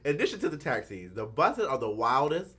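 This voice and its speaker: A man co-hosting a casual chat, playful and teasing, with a husky voice. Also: medium pitch, fairly quick. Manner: playful and teasing, with lively swings. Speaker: podcast co-host.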